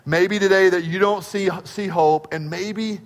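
Man preaching, high voice, emphatic, slows to stress phrases, rhetorical questions, long hall reverb. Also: steady tone. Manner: asks the congregation rhetorical questions. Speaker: pastor. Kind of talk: sermon.

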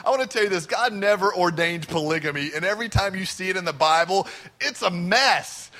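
A man's voice: sits high, lively intonation, brisk, sharp tone. A middle-aged man, a pastor, preaching a sermon in a church in a conversational, joking way. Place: church sanctuary.

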